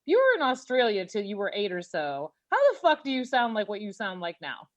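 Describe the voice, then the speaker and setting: A young woman co-hosting a podcast, teasing and blunt, excitable in casual chat. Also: medium pitch, a little fast. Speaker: podcast co-host.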